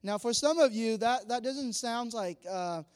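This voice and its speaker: A high-pitched man delivers a lively sermon, acting out the voices of the people he quotes. His words ring out with a long reverb, as in a large hall. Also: unhurried, clean tone. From Vietnam. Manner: animated, acts out quoted dialogue, laughs often. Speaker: pastor.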